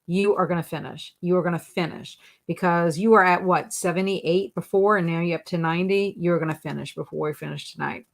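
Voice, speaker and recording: A woman's voice: on the low side, fairly even intonation, a little fast, creaky, few pauses. A young adult woman hosting a casual live stream at home, reading viewer comments aloud and answering them playfully, often laughing. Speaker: livestream host.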